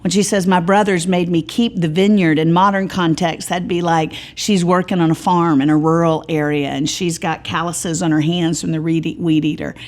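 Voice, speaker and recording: Middle-aged woman, Bible teacher, slightly low voice, chatty humorous storyteller. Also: normal speed, few pauses. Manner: lively storytelling with humorous asides. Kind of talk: sermon-style Bible teaching.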